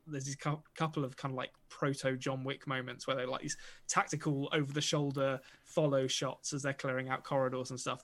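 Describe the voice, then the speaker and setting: A man's voice: mid-range voice, a bit bright. A man co-hosting a film podcast, talking casually with plenty of fillers and restarts. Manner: chatty, lots of fillers and restarts. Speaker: podcast co-host.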